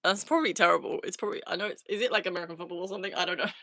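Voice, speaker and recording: A woman's voice: lowish voice, very fast, bright, forceful tone, no echo. Laughing British woman on live chat. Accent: British English. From Britain. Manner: laughs often, loose and swears casually. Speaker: livestream host. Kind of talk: casual live chat answering viewer comments.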